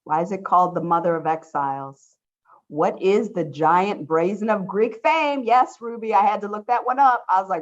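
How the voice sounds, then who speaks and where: Speaking at normal speed in a mid-range voice, a college instructor leads an online study workshop over a video call whose audio is dull and lo-fi. She stays upbeat and encouraging, repeatedly mentioning how much she loves her students' questions.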